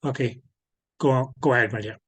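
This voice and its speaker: Over a video call, a male lecturer teaches an online class, patiently checking that students follow and frequently correcting himself. His mid-range, husky voice moves fairly quickly with fairly even intonation, and the audio has no echo.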